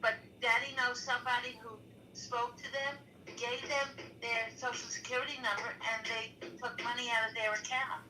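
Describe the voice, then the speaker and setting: A woman's voice: a little high, flat delivery, normal speed, pushed and bright, reverberant, distant mic, a little hiss or hum, rough recording. A woman, the host's mother, chatting casually and giving friendly warnings. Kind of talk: casual chat.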